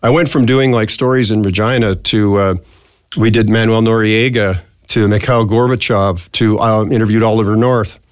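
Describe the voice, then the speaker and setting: Low-voiced guy in his 60s, chatty old news anchor telling stories, dry studio sound. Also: normal speed, smooth, no room sound. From Canada. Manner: chatty, animated anecdotes, acts out quotes. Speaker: retired news anchor, guest. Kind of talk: relaxed storytelling in a studio interview. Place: podcast studio.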